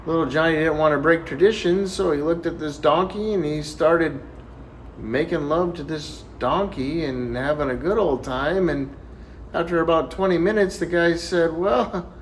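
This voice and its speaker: A man telling jokes in a casual, animated way, laughing at his own punchlines. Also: on the high side, normal speed, a little hiss or hum. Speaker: joke teller.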